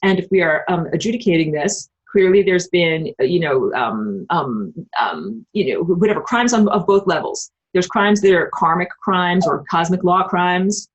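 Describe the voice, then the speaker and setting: A woman's voice: lowish voice, animated, moderate pace, hardly any pauses, slightly rough, lo-fi sound. A woman giving an emphatic, profane, rambling spiritual livestream monologue and answering viewer comments. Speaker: spiritual vlogger.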